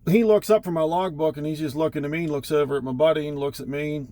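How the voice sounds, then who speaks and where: A man's voice: a little high, fairly even intonation, fast talker, dark tone, a little hiss or hum. A middle-aged man, a truck driver, telling rambling, profane road stories in a casual way. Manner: rambling, profane, wry anecdotes. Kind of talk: casual storytelling.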